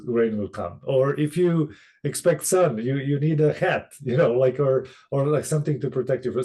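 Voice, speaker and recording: Male facilitator on a video call; mellow voice, halting delivery full of fillers. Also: mid-range voice. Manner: halting, many restarts and fillers. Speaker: session facilitator. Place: room in Boston.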